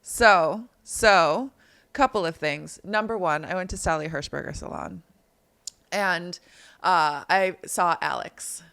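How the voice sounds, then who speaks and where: A woman hosting a podcast in casual chat, bubbly and gushing, quick to laugh. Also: lowish voice, creaky, a bit bright, smooth. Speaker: podcast host and actor. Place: design showroom, indoors.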